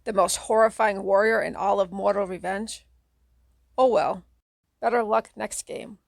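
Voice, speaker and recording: Gravelly woman narrating a spooky kids' book. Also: medium pitch, fairly even intonation, measured pace, no room sound. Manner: dramatic, second-person storytelling. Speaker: audiobook reader. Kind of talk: scripted narration of a children's horror story.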